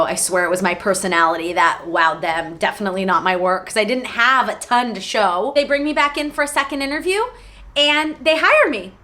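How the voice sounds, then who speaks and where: A young woman vlogger telling a personal story to camera in a casual, excitable way, acting out what others said. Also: on the high side. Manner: excitable, animated retelling with quoted voices.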